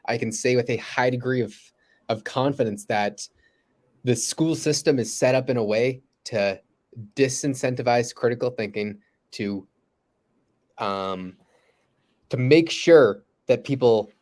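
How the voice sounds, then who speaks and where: Young guy on a podcast, earnest, trips over his words and restarts a lot, mid pitch. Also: measured pace, pauses often, a little mellow. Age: young adult. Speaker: podcast co-host. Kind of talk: casual discussion.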